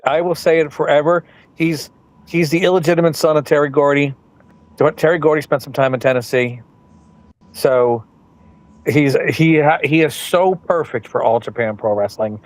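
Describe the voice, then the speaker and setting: A man's voice: a little high, moderate pace. A man co-hosting a casual podcast, rambling with many hesitations. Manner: rambling, hesitant, full of ums. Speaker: podcast co-host.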